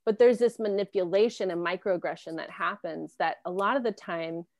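A woman's voice: lowish voice, moderate pace, a little mellow, no room sound. A woman from South America in her thirties or forties, telling personal stories as an interview guest, laughing often and acting out other people's lines. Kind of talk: casual personal storytelling.

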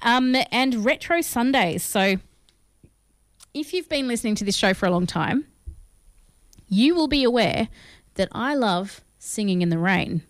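A woman co-hosts a casual film chat show, giggly and self-mocking as she rambles. Her voice is smooth and clear. The sound is close and dry. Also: fairly high pitch, animated, a little slow, pauses often, dry recording. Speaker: co-host of a film review show.

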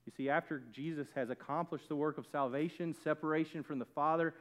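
Emphatic man preaching, slightly higher voice. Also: steady tone, fairly quick. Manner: emphatic, swelling to loud peaks then dropping quiet. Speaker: pastor. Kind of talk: sermon.

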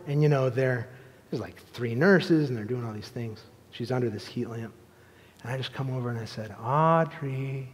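A pastor in his thirties preaching a sermon, moving between loud, emphatic appeals and soft, hushed storytelling. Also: mid-range voice. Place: church sanctuary. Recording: long hall reverb.

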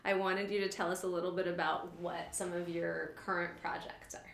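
Female interviewer in her thirties, slightly low voice, halting and filler-heavy, recorded in a roomy space. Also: flat delivery, gravelly. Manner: hesitant questions with many fillers. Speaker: podcast host. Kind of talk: casual interview chat. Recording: echoey room.

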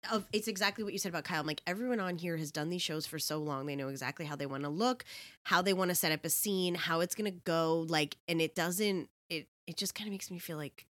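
Lower-voiced chatty woman, dry sound. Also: fast, no echo. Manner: animated storyteller, many fillers and restarts. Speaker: podcast co-host. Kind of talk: casual chat.

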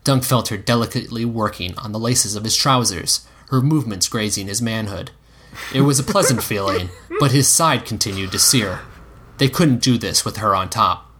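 A man narrating an audiobook in a measured storytelling manner. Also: on the low side, a bit bright.

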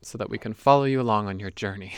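Fairly low-voiced man hosting a podcast. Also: fast talker, clean tone. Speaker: podcast host. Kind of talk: casual podcast interview.

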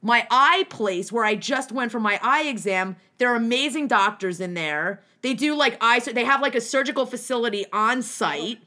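A young woman from New Jersey tells a long story in casual conversation, her voice bright and a little high. She rambles and restarts, swears freely, and acts out the people in her story with lively shifts. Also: normal speed, hardly any pauses. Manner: animated, profane, rambling with many restarts and acted-out quotes.

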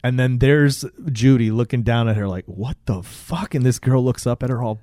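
A man co-hosting a podcast, recapping a movie in animated, profane casual chat and acting out the characters' lines. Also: mid-range voice, brisk, clean tone, no echo, clean studio sound. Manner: animated, profane storytelling, acts out quotes. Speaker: podcast co-host.

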